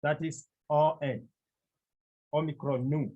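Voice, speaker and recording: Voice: medium pitch, fairly even intonation, takes it slowly. A teacher, patiently explaining step by step in a classroom lesson and repeating each word several times. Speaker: Greek language teacher. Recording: dull lo-fi recording.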